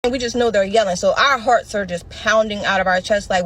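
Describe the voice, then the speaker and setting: A woman in her thirties tells a tense personal story straight to her audience. She talks in quick, slangy bursts at a middle pitch. A car's hum is faint behind her. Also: a bit bright. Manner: breathless, dramatic retelling with slang and direct address. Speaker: storyteller in a clip being reacted to.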